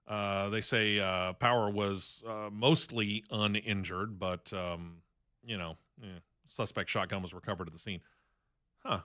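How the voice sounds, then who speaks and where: A man's voice: lowish voice, steady tone, measured pace, sharp tone. A man hosting a sports talk radio show in a studio, running through racing news in a chatty, opinionated way.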